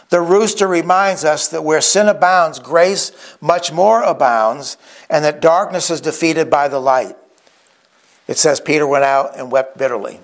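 A man preaching a sermon in an earnest tone, acting out the quoted speakers as he retells scripture stories. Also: fairly high pitch. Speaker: pastor.

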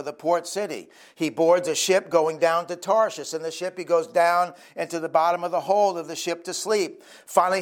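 A male pastor preaching a sermon in an earnest, conversational storytelling way. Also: high-pitched.

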